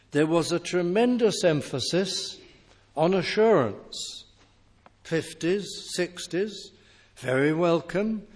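A man preaching a sermon in a measured, emphatic way, pausing deliberately between phrases. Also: fairly high pitch, a little mellow, slightly rough. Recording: long hall reverb.

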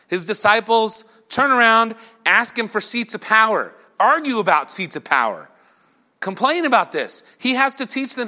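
A middle-aged man preaching a sermon, telling the story in an animated way and acting out crowd voices and whispers. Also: sits high, a little slow. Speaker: pastor.

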